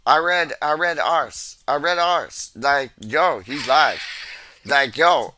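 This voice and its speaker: A man's voice: on the high side, extremely slow, bright, forceful tone, no echo. A man chatting casually on a football podcast, full of slang and repeated fillers. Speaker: podcast co-host. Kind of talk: casual chat.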